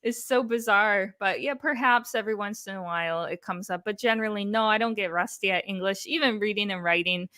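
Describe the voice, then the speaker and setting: A young woman with a Michigan accent hosting a livestream chat, upbeat and quick to laugh, switching into Japanese now and then. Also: mid-range voice, sharp tone. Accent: Michigan American. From Michigan, USA. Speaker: host.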